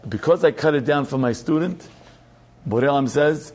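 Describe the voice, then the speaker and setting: A middle-aged man giving a Torah class as a rabbi, telling a story with loud emphatic peaks and quiet asides. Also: on the high side, normal speed.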